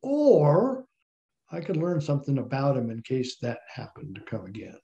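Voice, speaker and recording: A middle-aged man, a guest in an interview, telling a long personal story in an animated way. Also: mid-range voice, moderate pace. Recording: slightly dull, lo-fi sound.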